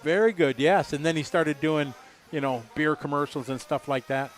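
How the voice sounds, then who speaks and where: A man in his fifties doing relaxed, rambling live race commentary, chatty and jokey. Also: on the high side, normal speed. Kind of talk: casual live commentary chat.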